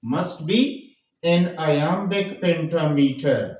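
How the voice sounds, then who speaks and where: A man's voice: high-pitched, sing-song, takes it slowly, dull audio. A man with a Pakistani English accent, teaching poetry in a classroom lecture and repeating key phrases step by step. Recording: echoey room.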